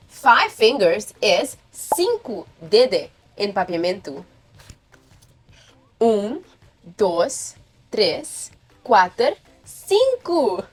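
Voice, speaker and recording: A woman's voice: a little high, sing-song, very slow, long pauses, slightly rough, soft background music. A woman teaching young children to count, cheerfully praising them and asking them to repeat after her. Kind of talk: kids' counting lesson.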